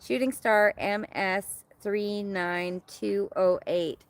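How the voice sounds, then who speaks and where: A woman's voice: mid-range voice, steady tone, takes it slowly, clean tone. A middle-aged woman from Canada hosting a casual livestream outdoors, chatting and reading viewer comments in a bubbly, hyper way. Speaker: livestream host. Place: outdoors in her yard.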